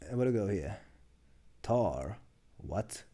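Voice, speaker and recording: A man in casual live-stream chat, reading memes aloud and puzzling them out. His voice swings widely in pitch yet stays mellow and dark in tone. He mutters, restarts sentences and laughs at the jokes. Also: sing-song, takes it slowly.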